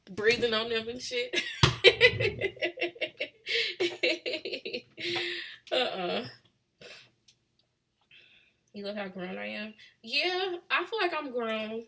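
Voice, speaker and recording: Woman, late twenties, Chicago accent, bright voice, chatty live-chat host, drawling. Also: fairly high pitch, sing-song, drawn-out words, pauses often, a little hiss or hum. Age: late 20s. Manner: chatty, drawling, answering comments. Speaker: livestream host. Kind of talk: casual live chat with viewers.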